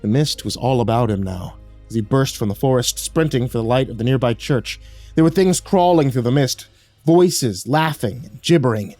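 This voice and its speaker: A man's voice: mid-range voice, moderate pace, darkish tone, no room sound. Man narrating horror stories over faint music. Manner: dramatic storytelling.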